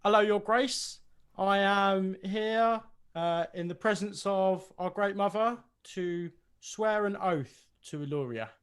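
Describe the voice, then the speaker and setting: A man's voice: high voice, slow, fairly bright tone, clean tone, pitched above the performer's own voice. A man playing an earnest young male devotee in a tabletop game, eagerly telling his story. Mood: formal.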